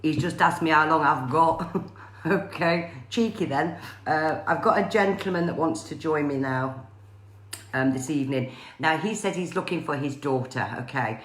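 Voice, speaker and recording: A woman psychic medium, doing a live-streamed spirit reading in a halting way full of fillers and pauses. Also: low voice, roomy sound. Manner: hesitant, many fillers and pauses.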